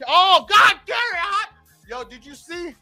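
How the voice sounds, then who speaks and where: A man rants comedically on a morning radio show, his pitch leaping all over the place. His voice is bright and forceful, and it jumps between loud outbursts and quiet mutters. It is recorded on a studio mic with faint music underneath. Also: unhurried. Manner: animated, swinging from loud outbursts to low mutters. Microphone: studio microphone.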